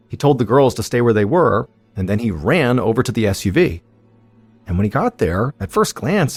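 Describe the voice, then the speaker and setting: A man narrating a true-crime story in a steady, suspenseful scripted style as podcast host. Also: fairly low pitch, gravelly, breathy edge, dry recording.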